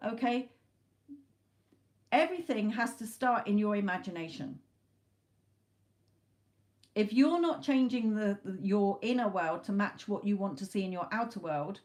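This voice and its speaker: A woman's voice: a little high, a little mellow. A middle-aged woman hosting a live tarot stream, talking in a chatty, emphatic way and swearing casually. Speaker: tarot reader. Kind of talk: live-stream spiritual talk.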